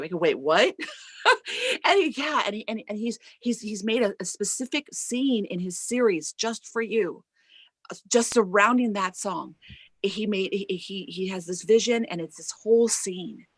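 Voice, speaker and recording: A woman singer telling an animated story as an interview guest, acting out quoted voices and tagging lines with "right?". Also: medium pitch, dry recording. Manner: lively storyteller who acts out quoted voices and laughs often; chatty, many "like" and "right?" tags.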